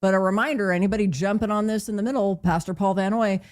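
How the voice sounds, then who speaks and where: A woman co-hosting a political talk show, chiming in with quick, emphatic remarks. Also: mid-range voice, fairly even intonation, a little mellow.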